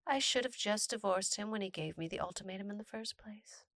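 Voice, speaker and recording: A woman reading a personal post aloud and breaking in with playful, animated commentary. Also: medium pitch, a little fast, dry recording, studio quality. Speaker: storytime narrator reading posts.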